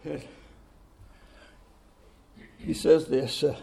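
A pastor preaching a sermon, repeating phrases for emphasis and reading scripture aloud with rising force. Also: male voice, fairly high pitch, slow pace, gravelly, pauses often, a little mellow. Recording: roomy echo.

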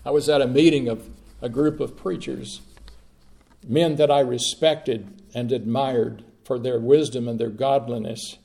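A man from Mississippi, preaching a sermon with long pauses and swings between soft and loud. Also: mid-range voice, steady tone, gravelly. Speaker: pastor.

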